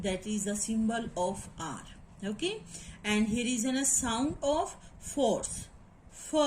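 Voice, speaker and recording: A woman teaching a phonetics lesson, spelling out words letter by letter and often asking whether it is clear. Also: a little high, slight background noise. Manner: slow, spells out letters and syllables, repeats checks. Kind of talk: classroom lecture on phonetics.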